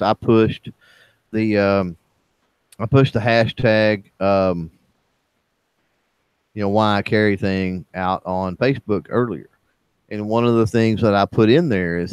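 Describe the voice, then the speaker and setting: A man's voice: on the low side, clean tone, dry recording, muffled recording. Guy rambling on a chat stream, lots of ums and restarts, dry room. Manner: halting, many fillers and restarts. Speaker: livestream chat co-host. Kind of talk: casual chat.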